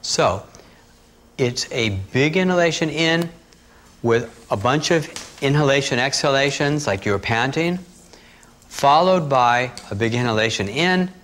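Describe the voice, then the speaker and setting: A man teaching breathing techniques, talking calmly and steadily through guided instructions. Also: mid-range voice, a little slow. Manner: calm, steady instructional talk with asides.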